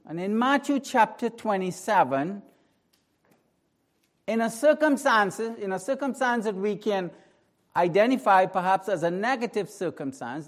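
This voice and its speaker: Moving between slow, hushed prayer and rising, emphatic declarations, a male pastor with a high voice delivers a sermon.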